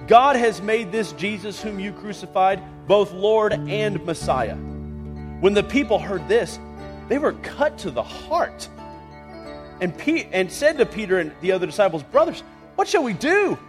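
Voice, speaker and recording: A man's voice: high voice, big pitch swings, a little slow, soft background music. A man preaching a sermon as pastor, earnest and rising to impassioned reading of scripture.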